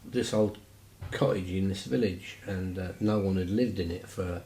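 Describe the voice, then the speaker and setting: Deep-voiced chatty man. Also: moderate pace, dark tone, roomy sound, slight background noise, poor audio. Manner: rambling, chatty, many fillers. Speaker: vlogger. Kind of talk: casual storytelling.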